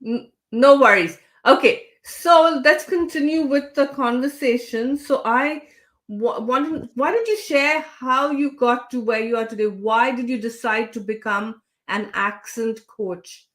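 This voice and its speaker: A woman's voice: a little high, a little slow, a bit bright. A woman hosting a casual livestream interview, talking with many fillers and reading out viewer comments. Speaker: livestream host.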